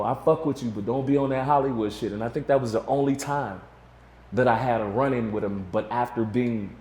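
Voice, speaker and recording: Speaking at a medium pitch with a somewhat dark tone, this forties-aged man is an interview guest spinning a lengthy, casual tale. He rambles, leans heavily on filler, and keeps restarting with "you know," all captured in an echoey room.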